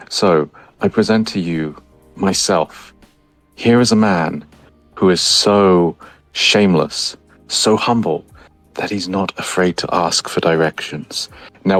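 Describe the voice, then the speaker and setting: Very deep, slow tabletop player. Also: male voice, dry recording. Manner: slow, theatrical in-character narration. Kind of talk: tabletop role-play.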